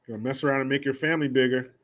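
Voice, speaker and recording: A man's voice: mid-range voice, steady tone, rapid-fire, a bit bright. A man hosting a livestream, chatting casually and reading viewer donations with crude, profane jokes. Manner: crude, joking, profane banter. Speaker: livestream host.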